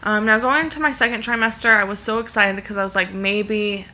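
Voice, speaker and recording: A woman's voice: medium pitch, steady tone, a little fast, pushed and bright. A pregnant young woman chatting casually to camera in a rambling way, with many fillers. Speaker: vlogger.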